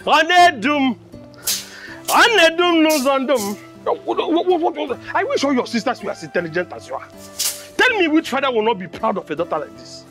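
An actor playing a boisterous, proud middle-aged father with a Nigerian accent, loud and laughing. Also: extremely high pitch, big pitch swings, fairly quick, faint music behind, exaggerated voice. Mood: jubilant.

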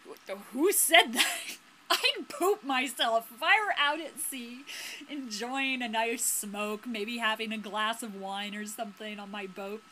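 A woman hosting a let's play, chatting playfully with quick asides over the game. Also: a little high, sharp tone. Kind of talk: casual game commentary and reading the game's narration.

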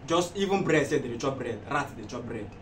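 A man's voice: medium pitch, lively intonation, fairly quick, natural voice. Man playing a repetitive advising Nigerian friend. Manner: instructive, repeats himself. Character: patient friend giving advice. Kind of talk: comedy skit acting. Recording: echoey room, far-off mic, loud background noise.

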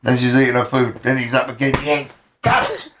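A man's voice: medium pitch, monotone, fast talker. A man telling a crude, swear-laden anecdote in casual talk, acting out what others said. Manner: crude, swearing, acts out quotes. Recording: echoey room, faint noise.

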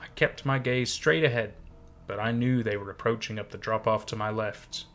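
A man narrating a scary story in a measured, hushed way. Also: on the low side, soft background music. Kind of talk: scripted horror story narration.

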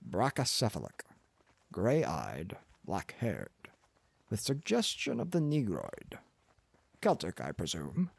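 A man's voice: fairly low pitch, huge pitch swings, takes it slowly, creaky, breathy edge, no room sound, heavily acted. A man voicing a pompous, arrogant older professor who lectures in a condescending manner. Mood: lecturing.

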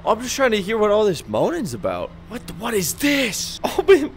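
A man's voice: high voice, huge pitch swings, moderate pace, faint music behind. Crude, joking gaming commentator man. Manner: joking, crude, loud sudden outbursts. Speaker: gaming YouTuber. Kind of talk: let's play commentary.

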